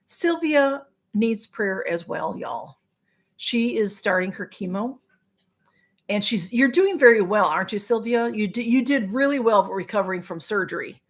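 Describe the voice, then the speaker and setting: A woman hosts a relaxed live stream and talks straight to her viewers. Her tone is chatty and sympathetic, and her sentences are full of ums, pauses and restarts. Her pitch sits in a middle range. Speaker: livestream host reading viewer comments. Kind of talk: casual live-stream chat.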